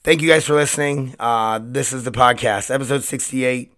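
A man hosting his own solo podcast, his voice hoarse and cracking, rambling in a loose, chatty way with plenty of swearing. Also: mid-range voice, fairly even intonation, moderate pace, fairly bright tone. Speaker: podcast host. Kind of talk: casual solo podcast monologue.

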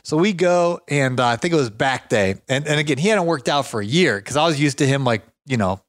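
A man hosting a podcast, giving business advice in a chatty, energetic way with frequent chuckles and storytelling asides. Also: mid-range voice, brisk, no echo, studio quality. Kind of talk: casual motivational talk with anecdotes.

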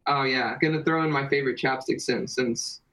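A man's voice: medium pitch, fairly even intonation, brisk, sharp tone, poor audio. A man who sings and plays guitar in a band, a guest in a casual interview, easygoing and rambling with lots of "like".

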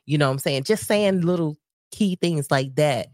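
A woman's voice: low-pitched, moderate pace, darkish tone, dry recording, clean studio sound. A woman co-hosting a podcast with her husband, chatting casually with a laughing, lightly sarcastic manner. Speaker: podcast co-host.

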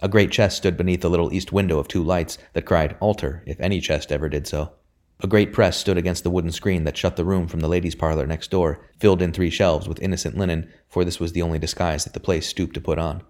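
A man narrating a novel chapter in a measured, even storytelling manner. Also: deep voice. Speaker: audiobook narrator.

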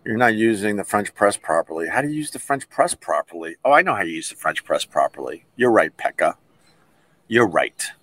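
A middle-aged man hosting a podcast, telling stories in a casual livestream chat and acting out whispered and loud impressions. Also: lowish voice, brisk. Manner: animated storyteller who acts out whispered and loud impressions. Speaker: podcast host.

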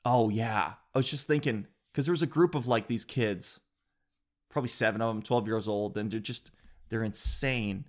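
A man's voice: fairly low pitch, normal speed. A man hosting a show, telling a rambling comic story in casual chat, full of fillers and restarts. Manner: rambling, animated, with filler words and self-interruptions.

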